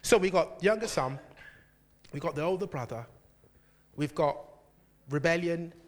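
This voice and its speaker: A man preaching a sermon, telling a personal story with lively laughter and frequent asides to the congregation. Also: mid-range voice. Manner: animated, laughing, keeps asking "do you know what I mean".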